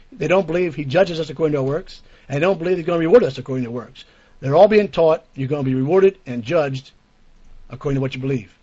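Guy preaching from the bible, fast and kinda husky, sounds lo-fi. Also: a little high, dark tone. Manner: earnest and emphatic, repeats key phrases, reads verses slowly. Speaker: preacher teaching from scripture. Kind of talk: bible teaching, reading verses aloud. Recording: dull lo-fi stream audio.

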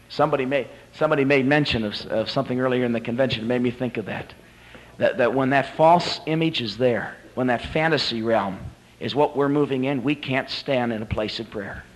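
A man's voice: medium pitch, poor audio. A man preaching a sermon, telling a Bible story dramatically and rising to emphatic peaks.

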